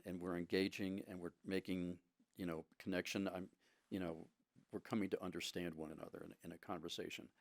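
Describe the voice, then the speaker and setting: A man co-hosting a casual podcast conversation, speaking in a measured, reflective way with many restarts. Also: low-pitched, no echo, studio quality. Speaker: podcast co-host.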